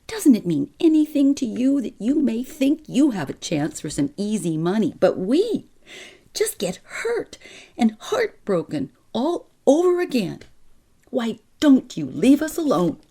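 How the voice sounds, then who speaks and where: A woman's voice: sits low, sing-song, takes it slowly, mellow, full character voice. A woman voicing an angry, shaken young woman who speaks bitterly and pleadingly in a spoken story.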